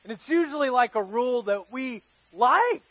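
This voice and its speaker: Man, pastor, sermon, very high voice, conversational storytelling, dull recording. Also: expressive, moderate pace, dry recording. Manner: conversational storytelling, asks the audience questions. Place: church service with live congregation.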